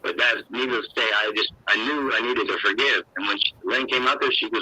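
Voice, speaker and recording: A man's voice: on the low side, fast, bright, forceful tone, breathy edge, no room sound, poor audio. An older man telling a long personal story in a rambling, emotional, folksy way, full of "you know". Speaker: guest.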